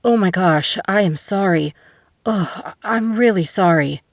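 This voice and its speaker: A flustered, apologetic man, as voiced by a woman narrator who trips over his words. He stays low and near the storyteller's own dark voice. Dry, close recording. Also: unhurried, gravelly, husky, no echo, exaggerated voice.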